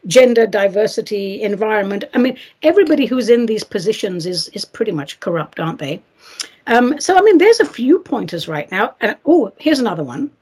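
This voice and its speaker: Woman host, middle-aged, husky, animated pitch, chatty and sarcastic monologue. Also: a little fast. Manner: chatty and theatrical, with sarcastic asides and giggles. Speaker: podcast host. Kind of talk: casual monologue commentary.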